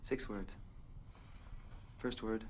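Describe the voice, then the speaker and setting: Flustered movie groom, stammering, frantic guesses, lots of uhs, faint noise behind. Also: male voice, fairly low pitch, fairly even intonation, drawn-out words, a little mellow. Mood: frantic guessing. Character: flustered young male fiancé guessing charades. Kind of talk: film comedy acting.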